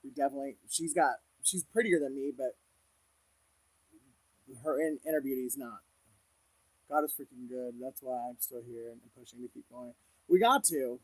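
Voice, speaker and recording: A man's voice: mid-range voice, normal speed, long pauses, no echo, low-quality recording. A man hosting a casual livestream as a psychic reader, speaking candidly to viewers with frequent laughs and religious conviction.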